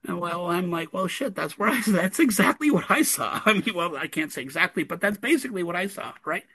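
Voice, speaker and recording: High-voiced man telling a tale. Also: a little fast, husky, poor audio. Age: adult parent of a toddler. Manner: animated, laughs often between lines. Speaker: guest telling a story. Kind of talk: casual spoken storytelling.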